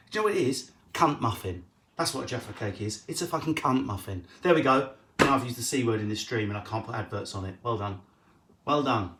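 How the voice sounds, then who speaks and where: A male comedian chatting on a live stream, firing back answers to viewer questions. He talks in a quick, profane, jokey way, riffing off each question. The delivery stays loose and casual throughout. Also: medium pitch.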